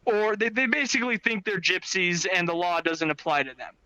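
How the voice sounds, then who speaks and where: A man telling a casual story about his bail bond work in an animated way, swearing freely. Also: high-pitched, fairly quick, smooth, dry recording, poor audio. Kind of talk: casual anecdote.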